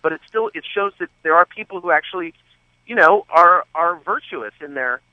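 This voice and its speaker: A man guesting on a talk radio show, speaking in an animated, sardonic way and tossing in wry asides about politics. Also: on the high side, moderate pace, no echo. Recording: dull lo-fi line, dry.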